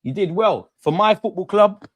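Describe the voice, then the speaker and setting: A young man hosting a football watchalong, talking in animated, slangy, ranting bursts that settle into calmer match analysis. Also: high voice, moderate pace, no echo. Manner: animated, slangy, rants then calms. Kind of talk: casual post-match reaction.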